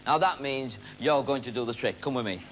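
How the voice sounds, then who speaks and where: A man's voice: medium pitch, fairly quick, fairly bright tone, slight background noise, rough recording. A man hosting a televised magic comedy act, joking and teasing the audience volunteers on stage.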